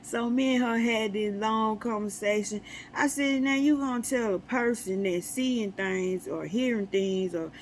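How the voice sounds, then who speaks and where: Animated storytelling woman, faint hiss. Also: a little high, measured pace, few pauses, poor audio. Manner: animated storytelling, acts out dialogue, laughs often. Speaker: spiritual vlogger. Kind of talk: casual spiritual talk to viewers.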